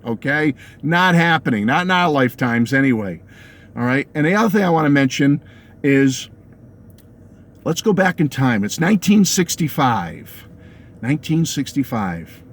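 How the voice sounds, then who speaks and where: Over slight background noise, a middle-aged man with a medium-pitched voice and a New England accent talks casually about music to his viewers. The music vlogger gives an opinionated monologue to camera, laughing often and repeatedly checking in with his audience.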